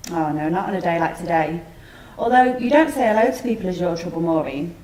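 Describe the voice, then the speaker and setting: A woman's voice: on the low side, lively intonation, brisk, a little mellow, roomy sound, lightly acted, rough recording. A woman playing a whiny frail old mother. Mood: plaintive. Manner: plaintive, wheedling and querulous. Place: theatre studio.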